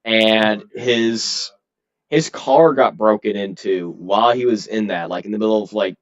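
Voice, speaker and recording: A man's voice: on the low side, a little slow. A man who is a soldier, chatting casually and telling stories in a rambling, hesitant way. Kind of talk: casual chat. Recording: dull lo-fi audio.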